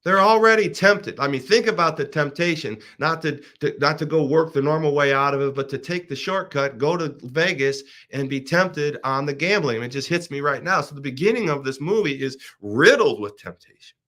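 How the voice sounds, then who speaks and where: A man's voice: on the high side, expressive, normal speed, hardly any pauses, a bit bright. A middle-aged man hosting a show, animatedly retelling a film plot in a casual monologue with frequent restarts. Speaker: podcast host.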